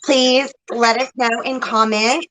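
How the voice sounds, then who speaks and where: A woman's voice: a little high, steady tone, takes it slowly, fairly bright tone, rough recording. A woman hosting a casual livestream, chatting, laughing and greeting viewers by name as a psychic reader.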